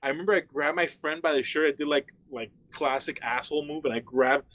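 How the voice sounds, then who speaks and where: A man from Miami, a guest on a casual chat, telling a story in an animated, profane way full of "like" fillers. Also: a little high, brisk, no room sound.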